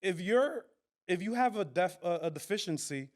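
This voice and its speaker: A man's voice: sits high, animated, normal speed, a little mellow. A Spanish-speaking man from the Dominican Republic with a Dominican accent, a comedian talking animatedly in a casual podcast interview, switching between English and Spanish. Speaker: comedian guest.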